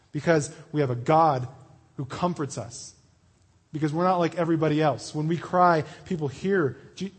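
A man preaching an earnest, animated sermon to a young crowd, acting out quoted voices as he goes. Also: on the high side, slightly rough, big-room sound.

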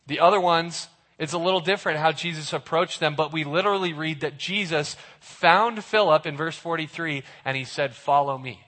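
A man giving a casual sermon, animated and acting out the dialogue of the people in his story. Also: a little high, normal speed, hardly any pauses. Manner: animated, acts out the characters' dialogue. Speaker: youth pastor. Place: church hall. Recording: reverberant hall.

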